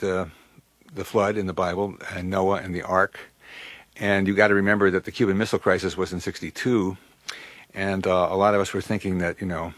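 A man in his sixties answering interview questions about his work, reflective and unhurried, pausing often. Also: deep voice, fairly bright tone, no echo. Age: 60s. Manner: reflective, many pauses and uh fillers. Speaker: composer, interview guest.

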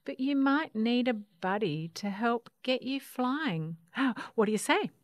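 A woman's voice: fairly high pitch, animated, slow pace, no echo, pitched above the performer's own voice. An eager, clumsy coot bird stammers and chatters in a storybook, voiced by a woman reading aloud. His tone is bubbly and rises and falls a lot. The sound is dry. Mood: friendly. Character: friendly clumsy male coot bird, cheerful buddy.

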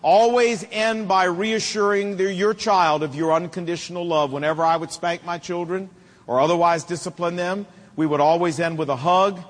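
A man's voice: sits high, steady tone, moderate pace, long reverb tail. A middle-aged man preaching a sermon, with emphatic, repetitive rhetoric and folksy humor. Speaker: pastor.

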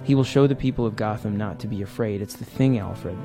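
A man's voice: fairly low pitch, a little fast, warm tone, soft background music, close to an everyday voice. A man reading aloud a haunted, driven young man of twenty-five who confesses his past with intensity. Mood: resolute. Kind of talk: reading a comic script aloud.

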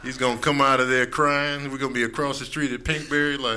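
A man in his thirties doing an animated stand-up comedy set on a club stage, acting out other people's voices. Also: medium pitch, quick pace, a crowd in the background. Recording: live recording with audience noise.

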